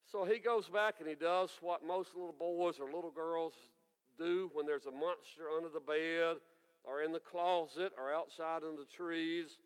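A man, preaching a sermon as folksy, animated storytelling. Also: fairly high pitch, unhurried, clear, resonant tone, big-room sound, poor audio. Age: 60s.

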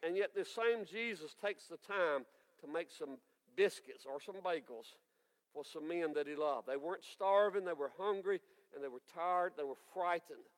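A man's voice: fairly high pitch, normal speed, big-room sound, poor audio. Folksy preacher in his sixties. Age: 60s. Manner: folksy, animated storytelling. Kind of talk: storytelling sermon.

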